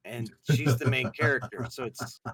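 With a mid-range voice and a slight noise in the background, a Southern-accented podcast co-host from the US South keeps a moderate pace. He's jokey and lively in this casual comedy chat, acting out goofy voices as he goes.

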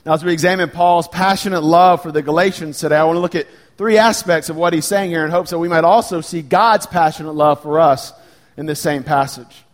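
A man in his thirties preaching a sermon as pastor, earnest and animated when he tells stories. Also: fairly high pitch, a little fast.

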